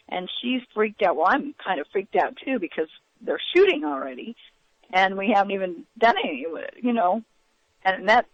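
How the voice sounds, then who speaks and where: Woman giving a halting eyewitness account. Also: mid-range voice, no room sound. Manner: halting, with many fillers and restarts. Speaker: interview guest. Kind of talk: eyewitness account in a radio interview. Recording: dull, lo-fi radio audio.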